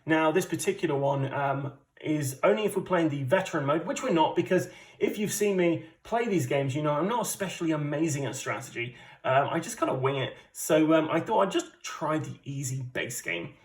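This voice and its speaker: A man from the UK with a fairly high voice hosts a casual solo board game playthrough. He talks in a chatty, rambling way and pokes fun at his own strategy skills. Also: animated, fairly quick. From United Kingdom. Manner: chatty, rambling, self-deprecating. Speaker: board game channel host.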